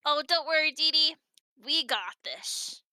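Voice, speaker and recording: A carefree little animal captain with paws who sounds very high, bright and smooth. He talks slowly and breezily, unbothered by danger. The sound is dry and close. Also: expressive, no room sound, full character voice. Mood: breezy. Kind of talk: tabletop role-play voice.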